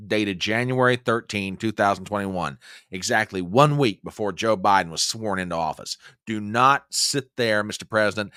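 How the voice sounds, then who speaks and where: A man's voice: smooth, dry recording, clean studio sound. A man hosting a political commentary show, ranting angrily and sarcastically. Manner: angry, sarcastic, swinging between low growl and shouting.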